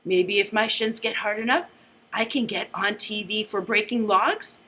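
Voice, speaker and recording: A woman reading aloud voices an excitable teenage boy who ends his sentences like questions. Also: mid-range voice, moderate pace. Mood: eager. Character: excitable teen boy, martial arts fan.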